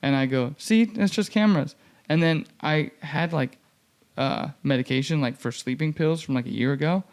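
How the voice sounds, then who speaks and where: With a mid-range voice at a normal pace, a young man runs a podcast and tells a story in easygoing chat. Animated throughout, he acts out quoted speakers and peppers his talk with many "like" fillers.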